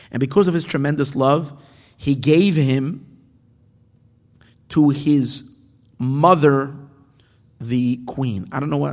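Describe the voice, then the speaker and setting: A man reading and explaining a parable, halting often and restarting his words. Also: medium pitch, darkish tone. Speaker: teacher. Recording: echoey hall with long reverb.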